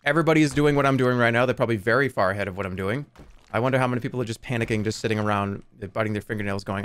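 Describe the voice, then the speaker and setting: A man's voice: mid-range voice, very fast, fairly bright tone, clean tone. A man hosting a livestream game contest, chatting casually and jokily with plenty of swearing and laughter. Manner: jokey, profane, laughs often.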